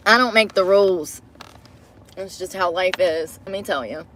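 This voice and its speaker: A woman's voice: fairly low pitch, slow, a bit bright, a little hiss or hum. A woman vlogging to a phone camera from inside her parked car, chatty and profane, breaking into laughter often. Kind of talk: casual chat to camera.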